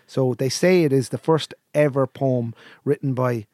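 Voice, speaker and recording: An Irish man, a podcast co-host, chatting playfully and reading a poem out slowly and deliberately. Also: medium pitch, mellow, no echo, clean studio sound. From Ireland. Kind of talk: casual chat.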